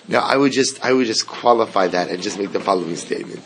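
A man's voice: fairly low pitch, fast talker, a little hiss or hum. A man teaching a Torah class in an earnest lecture style, repeating key phrases for emphasis and mixing in Hebrew and Yiddish terms.

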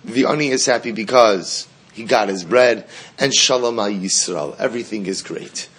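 A man teaching a story, reading a text aloud and translating it line by line in an animated way. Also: on the low side, moderate pace, breathy edge. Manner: animated, repeats words as he translates.

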